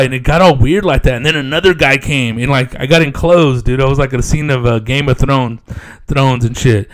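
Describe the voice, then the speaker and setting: A man with a mid-range voice at normal speed tells a laid-back story, swearing freely and peppering it with "dude." He acts out other people's lines in raised voices.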